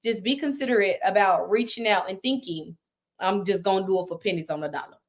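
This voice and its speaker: A woman guest on a live talk show, telling a story from her home office in a casual, animated way and acting out the voices of people she quotes. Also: mid-range voice, brisk, a little hiss or hum.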